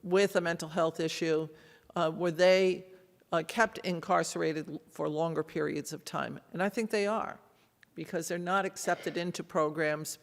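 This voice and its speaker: Panelist, man, high voice, measured and earnest, hall with long reverb. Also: creaky. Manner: measured, filler-heavy, earnest. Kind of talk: panel discussion remarks.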